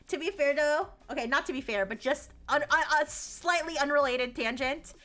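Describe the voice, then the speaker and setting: A young adult woman streaming live, chatting casually about news, animated and laughing, rambling with frequent restarts. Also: sits high, fairly quick, hardly any pauses. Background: faint music.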